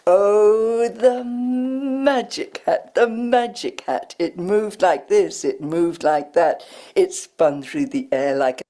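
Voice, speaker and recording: Slow, warm woman reading a storybook. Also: medium pitch. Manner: expressive, sing-song rhythm. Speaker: teacher reading a picture book aloud. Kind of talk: sing-song picture book reading.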